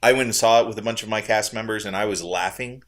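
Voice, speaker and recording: A man hosting a casual panel chat, animated, laughing often and adding quick asides. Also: lowish voice. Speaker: podcast host. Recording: faint background noise.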